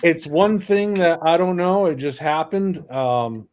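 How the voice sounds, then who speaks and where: A man's voice: fairly high pitch, lively intonation, measured pace, a little mellow. A man chatting casually as a panel guest, rambling and friendly.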